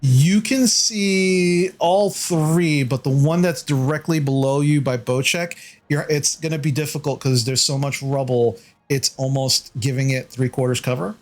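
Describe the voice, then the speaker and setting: A man's voice: on the high side, fairly even intonation, measured pace. A man narrating as game master in a casual tabletop game, describing the action loosely with many fillers.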